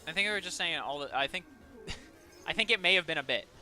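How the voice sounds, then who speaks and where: Bright, sweary male game streamer. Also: a little high, lively intonation, fast talker, faint music behind. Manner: swears a lot, laughs often, banters with chat. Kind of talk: casual gaming stream chat.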